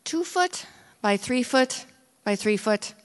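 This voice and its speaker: A woman who is a nurse telling a true story aloud in a vivid, animated way, building tension. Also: on the high side, slow pace. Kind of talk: live storytelling.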